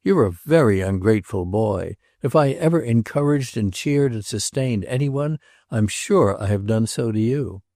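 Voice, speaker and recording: A man's voice: mid-range voice, expressive, normal speed, few pauses, a little mellow, dry recording, studio quality, natural voice. A man doing a sonorous, pompous older patron. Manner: sonorous, self-important.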